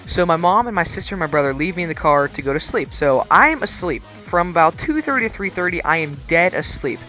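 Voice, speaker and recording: Brief: teen male vlogger, bright voice, excitable storyteller, faint music underneath. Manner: animated, gets louder and higher as the story builds.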